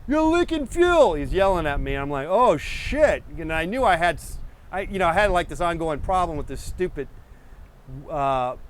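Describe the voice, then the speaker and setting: A man's voice: a little high, slight background noise. A middle-aged man hosting a painting show, chatting casually and drifting from one story to the next. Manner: rambling, digressive, easygoing. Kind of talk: casual rambling chat to viewers.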